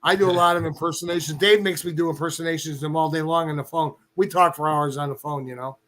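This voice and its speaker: A man's voice: a little high, fairly even intonation, fast, fairly bright tone. A man co-hosting a podcast in casual chat, brash and joking. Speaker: podcast co-host.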